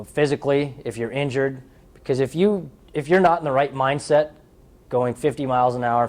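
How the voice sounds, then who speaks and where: Relaxed young man telling sports stories. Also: medium pitch. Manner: relaxed, candid storytelling with playful bits. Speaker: athlete interviewee. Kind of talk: casual interview talk.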